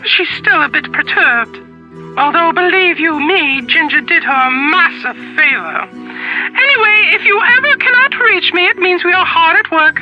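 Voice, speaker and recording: A woman's voice: very high voice, lively intonation, normal speed. An actress voicing a pompous, fussy older society chairwoman in a video game, haughty and theatrical with old-fashioned phrasing. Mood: imperious. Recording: dull lo-fi game audio. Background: faint game music.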